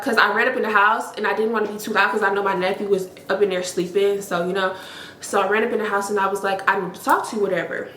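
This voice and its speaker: A young woman, telling a story in a casual, animated way with lots of emphasis. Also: mid-range voice, reverberant, slight background noise. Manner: animated, emphatic, heavy use of "like". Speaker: storytime vlogger.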